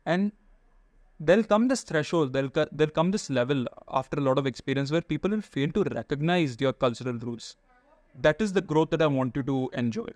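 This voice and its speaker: A man's voice: a little high, no echo, studio quality. A young adult man giving earnest, emphatic advice on public speaking, stacking up repeated phrases for weight. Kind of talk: instructional monologue.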